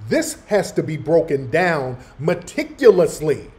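A man's voice: a little high, sing-song, unhurried, a little mellow. A man from the United States, hosting a heated and mocking reaction commentary on a played clip. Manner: heated, mocking, repeats his points. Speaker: host.

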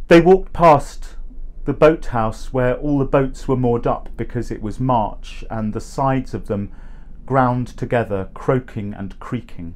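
A man reading a short story aloud in a measured, expressive way. He takes his time, with a very slow pace, and his voice sits in an ordinary middle pitch.

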